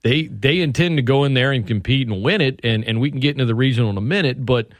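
A man's voice: mid-range voice, fast, no echo, studio quality. A man co-hosting a sports radio show, speaking in a conversational, easygoing way. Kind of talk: casual sports talk.

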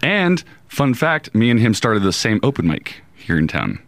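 Man, radio co-host, low voice, lively pitch, joking banter. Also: moderate pace, dry recording.

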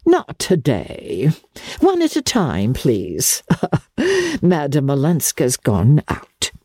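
A reader putting on a sly, domineering old grandmother from an audiobook, pitched up and archly theatrical. The delivery is slow and unhurried and swoops widely in pitch. The tone is mellow, with a husky edge. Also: big pitch swings, dry recording, studio quality, heavily acted. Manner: coaxing, archly theatrical, higher voice. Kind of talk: audiobook character voice.

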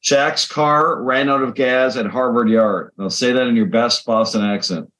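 A man's voice: mid-range voice, normal speed, a bit bright, rough recording. A man co-hosting a radio podcast, chatting casually in a loose, rambling way with many fillers. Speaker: podcast co-host. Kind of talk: casual chat.

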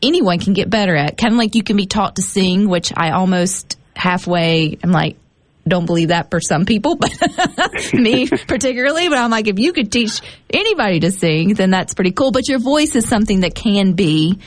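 A woman hosts an interview with an upbeat, encouraging manner and tends to ramble a bit. Her voice sits at a middle pitch. The sound is dry and close. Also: animated, brisk, dry recording. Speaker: host.

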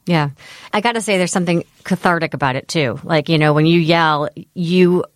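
A woman's voice: fairly low pitch, normal speed, no room sound, clean studio sound. A woman cohosting a parenting podcast, chatting and steering the conversation with questions. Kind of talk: casual chat.

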